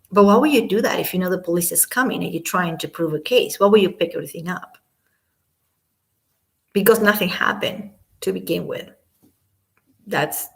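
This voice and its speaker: Woman, vocal fry, ranting vlog commentary, emphatic and repetitive. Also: mid-range voice, fairly bright tone. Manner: indignant, emphatic, repeats herself. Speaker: commentary vlogger. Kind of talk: casual spoken commentary.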